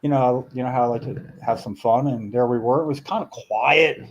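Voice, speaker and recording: A middle-aged man spins a long, meandering story. He is full of "uh"s and restarts and gets animated in the telling. His pitch sits in an ordinary middle range. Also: brisk, dull audio. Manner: rambling, animated storyteller with many fillers. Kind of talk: casual storytelling chat.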